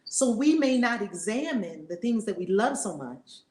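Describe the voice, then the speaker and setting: A woman spiritual teacher telling a story in an animated, conversational way. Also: mid-range voice, normal speed, echoey room. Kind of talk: storytelling lesson.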